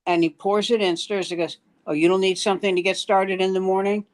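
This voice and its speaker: A man's voice: high voice, flat delivery, a little fast. Older male comedian telling a story. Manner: acts out quoted dialogue in the story. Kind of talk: storytelling in casual chat.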